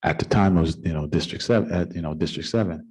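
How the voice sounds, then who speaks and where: A man's voice: sits low, fast, darkish tone, husky. A middle-aged man, a city council member, telling a folksy, informal story at a council meeting. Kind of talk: anecdotal storytelling at a public meeting.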